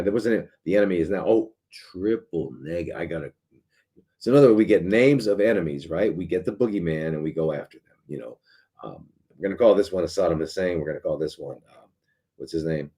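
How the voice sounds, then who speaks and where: Deep husky sarcastic man. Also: warm tone. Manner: sarcastic, rambling, with many restarts and fillers. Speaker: doctor hosting a live show. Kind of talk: casual live talk.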